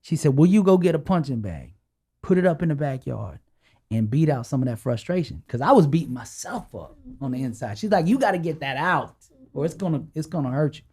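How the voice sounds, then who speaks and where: A man, a guest in a podcast interview, telling a personal story with animated energy and acting out the dialogue as he goes. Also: fairly high pitch, fairly quick, slightly rough.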